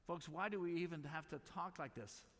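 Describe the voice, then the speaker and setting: A man's voice: a little high, a bit bright. Emphatic middle-aged man in a reverberant hall. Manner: emphatic, repeats word lists, apologizes for rushing. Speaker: missionary speaker. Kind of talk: conference teaching talk. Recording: long reverb of a large hall.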